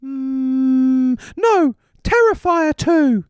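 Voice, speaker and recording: A tiny, naive male puppet in a very high, squeaky voice. He speaks slowly, with a childlike deadpan, asking simple questions. The sound is dry and close, with no room echo. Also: clean tone, full character voice. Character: small male puppet with glassy eyes, slow and naive.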